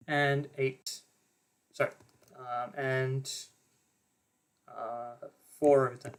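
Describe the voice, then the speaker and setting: A young man giving an online maths revision lecture, casually talking through each step of his working with fillers and quick self-corrections. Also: medium pitch, a bit bright. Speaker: maths tutor.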